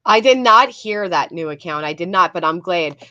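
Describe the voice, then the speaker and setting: A woman's voice: fairly low pitch, animated, normal speed, sharp tone, no room sound, dull audio. A woman hosting casual commentary on video clips, blunt and swearing, talking to her chat between clips. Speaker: commentary host.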